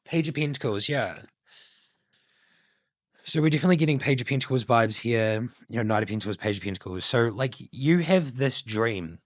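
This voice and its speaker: Speaking at medium pitch and a moderate pace, a man with lively intonation offers a loose collective tarot reading to his viewers. The studio-quality audio has no room sound, and his intuitive musing wanders, full of "like."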